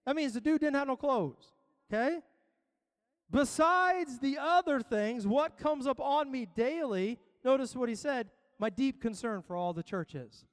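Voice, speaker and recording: A man's voice: very high-pitched, expressive, unhurried, smooth, in a large hall. A man preaching a sermon as pastor, building emphasis through repetition. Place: church.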